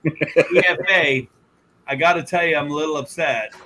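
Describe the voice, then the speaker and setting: Bright, joking male podcast host. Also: fairly high pitch, moderate pace, a little hiss or hum, poor audio. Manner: loud, joking storyteller who teases guests. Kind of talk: casual podcast banter.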